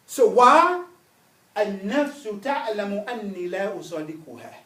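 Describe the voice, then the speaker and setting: A man teaching an Arabic religious text in class, emphatic and animated, repeating key points and reading Arabic quickly. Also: high voice, echoey room, far from the mic. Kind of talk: classroom lesson.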